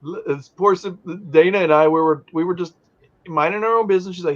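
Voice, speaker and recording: A man's voice: high-pitched, brisk, highs cut off. A man in casual stream chat, joking around and dropping Italian phrases into his talk. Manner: animated, jokey, slips into Italian phrases.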